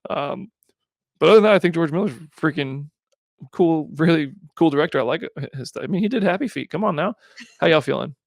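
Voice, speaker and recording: A man hosting a casual movie news chat show, animated and quick to laugh. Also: a little high, vocal fry, no room sound, clean studio sound. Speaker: podcast host.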